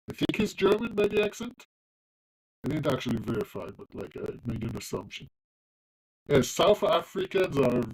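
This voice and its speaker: His voice is on the high side and a little mellow as he codes live and chats casually with his viewers. The livestreamer's non-native English accent leans American, and his loose talk has many ums and restarts. The recording sounds rough.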